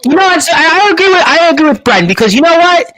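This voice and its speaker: A very high-voiced man hosts a heated panel chat, his voice strained from use. He tries to calm tempers, talking over the others. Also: quick pace, rough recording.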